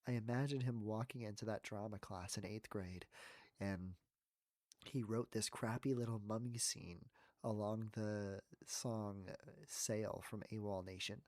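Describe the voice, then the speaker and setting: A man's voice: fairly low pitch, fairly even intonation, a little slow, darkish tone, no echo, studio quality. A man, a voice actor and coach, talking earnestly and reflectively as a podcast guest. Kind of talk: casual podcast conversation.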